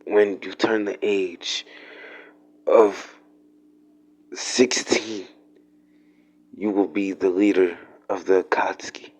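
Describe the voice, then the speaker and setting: A man's voice: fairly low pitch, animated, takes it slowly, darkish tone, low-quality recording. A man voicing a dying male villain who begs weakly from a sickbed, in a fan-made story. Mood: weak pleading. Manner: weak, breathless begging.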